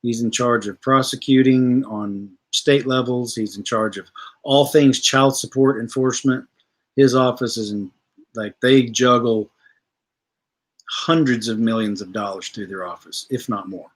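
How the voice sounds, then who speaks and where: A man's voice: medium pitch, fairly even intonation, a little slow. A man, hosting a livestream, ranting bluntly and profanely while reading viewer comments. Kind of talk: casual livestream rant.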